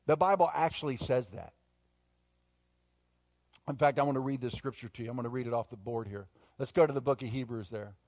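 A male pastor preaching a sermon, moving between quiet, intimate asides and loud, emphatic bursts. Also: medium pitch, fairly quick, pauses often, no echo.

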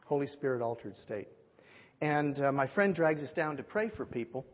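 A male pastor tells a story from the pulpit and plays every person in it himself. His voice is a little husky. The sound is dull and lo-fi, with a long echo from a large hall. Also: medium pitch, moderate pace. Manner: animated storyteller, acts out quoted voices. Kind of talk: sermon storytelling.

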